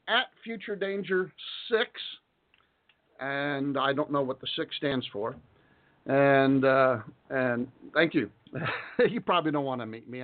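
A middle-aged man from Texas hosts a casual talk radio show, rambling through folksy asides and chuckling between thoughts. His voice sits at an ordinary middle pitch. The audio is thin and narrow, like a phone line.

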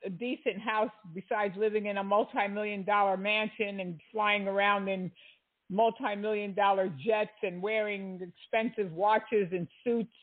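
A man's voice: high-pitched, level tone, moderate pace. A man giving critical commentary in an exasperated, sarcastic manner. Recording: tinny lo-fi audio.

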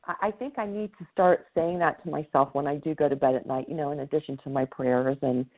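A woman's voice: low voice, fairly even intonation, fairly quick. A woman in her fifties in a casual chat, agreeing and reflecting. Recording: phone-like narrow audio.

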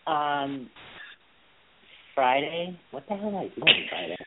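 A man with a slightly high, expressive voice speaks at a measured pace, co-hosting a casual, gossipy podcast chat in a sassy, playful, teasing way. The line sounds tinny and phone-like, with heavy background noise.

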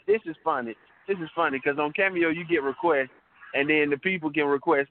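A man's voice: on the high side, a little fast. A man co-hosting a podcast in easygoing casual chat, laughing as he talks. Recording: tinny phone line, faint noise.

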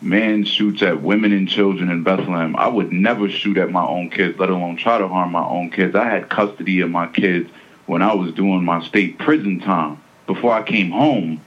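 Low-voiced man talking emphatically, muffled. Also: moderate pace, slight background noise. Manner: emphatic, repeats himself, street slang. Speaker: interviewee, defendant. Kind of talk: casual interview over a phone line.

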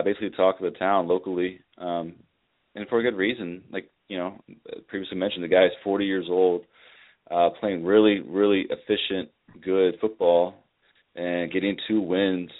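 A man who is a regular on a sports talk show, talking in a relaxed way with many fillers. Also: sits low, moderate pace. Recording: phone-like line.

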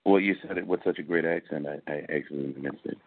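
Host, man, very low voice, joking rambling style, dry tinny phone sound. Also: fast, dry recording. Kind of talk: casual radio chat.

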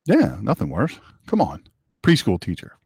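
A man's voice: lowish voice, huge pitch swings, normal speed, gravelly, a little mellow, breathy edge, dry recording, studio quality. A man hosting a talk show, giving an opinionated monologue in an emphatic, sarcastic, preachy manner.

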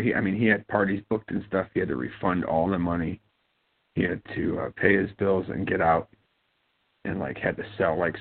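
A man's voice: sits low, vocal fry, husky. A man from Ohio hosting a casual talk show, mumbling and rambling with many fillers and restarts. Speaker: podcast host. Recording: tinny phone-like sound.

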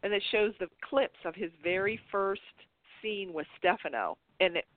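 On a tinny, dry phone line, the host of a laid-back internet radio chat talks soap operas, rambling along, restarting sentences and laughing. She speaks at a normal speed in a mid-range voice.

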